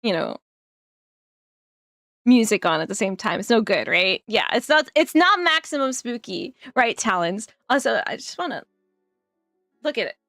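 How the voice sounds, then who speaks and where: A fairly high-voiced woman streamer who chats casually with her viewers, giggling a lot and rambling through her fillers. The sound is close and dry, with faint music playing underneath. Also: sing-song, moderate pace, pauses often, a bit bright, dry recording. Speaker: live streamer. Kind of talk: casual live-stream chat.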